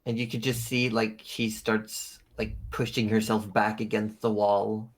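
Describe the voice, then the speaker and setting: A man's voice: on the low side, monotone, unhurried. A man with an Australian accent narrating a tabletop game as game master, describing scenes with lots of fillers. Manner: descriptive, filler-heavy storytelling.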